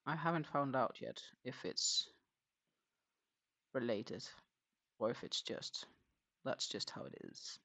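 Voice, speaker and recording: A crochet livestream host chatting casually while working, rambling with lots of hesitations and quietly counting stitches. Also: medium pitch, expressive, slow, vocal fry, long pauses. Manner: rambling and hesitant, many fillers, counts stitches under breath.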